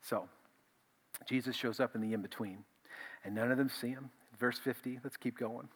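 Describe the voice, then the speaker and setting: A male pastor preaching a conversational, animated sermon, often repeating himself as he builds a point. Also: mid-range voice, normal speed, husky.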